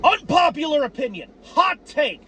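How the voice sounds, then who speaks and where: A man giving profane, worked-up fan commentary on his team, repeating himself and breaking into shouts. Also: extremely high pitch, sing-song, moderate pace. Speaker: sports fan vlogger.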